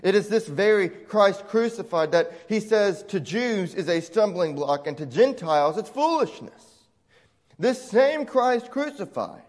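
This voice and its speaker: A man's voice: high voice, lively intonation, a little slow, darkish tone. A man with a Southern American accent, preaching an emphatic sermon as a pastor. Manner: emphatic preaching, voicing imagined objectors. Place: church sanctuary. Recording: long church reverb.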